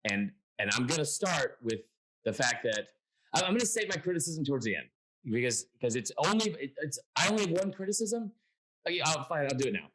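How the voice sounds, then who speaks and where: A man's voice: fairly high pitch, big pitch swings, fairly quick, a bit bright, poor audio. A man from Atlanta hosting a casual sports panel by video call, telling stories with lots of restarts. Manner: rambling storyteller with many restarts. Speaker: sports show host.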